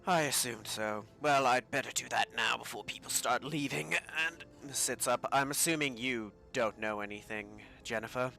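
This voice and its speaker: A man playing a tabletop role-play game on a live stream, talking in a dry, measured way. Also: mid-range voice, gravelly, pushed and bright. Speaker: player.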